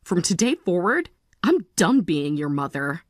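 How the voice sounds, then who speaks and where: A woman in her forties playing a tired but resolute mother in a text-story drama, speaking in a calm, measured way. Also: fairly low pitch, no room sound, clean studio sound. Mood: calm resolve. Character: weary, resolute mother leaving her family.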